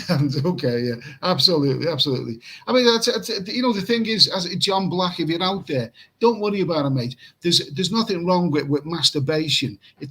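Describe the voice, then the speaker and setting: A man with a somewhat high, sharp, husky voice hosts a late-night livestream from a room in Pattaya, heard on a rough recording. He reads chat comments in a casual, rambling way, repeating himself and chuckling at what viewers write.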